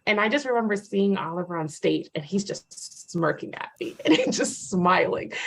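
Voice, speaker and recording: A young adult woman giving a candid personal testimony, with many fillers and animated retellings. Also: mid-range voice, normal speed, gravelly, hardly any pauses. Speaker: testimonial speaker.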